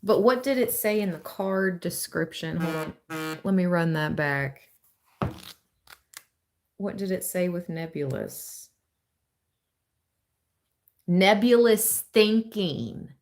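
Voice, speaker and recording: A woman hosting a relaxed tarot reading on a live stream. She talks at an unhurried, slow pace and draws out her phrases. She chats and thinks aloud as she goes. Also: lowish voice, a little hiss or hum. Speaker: tarot reader.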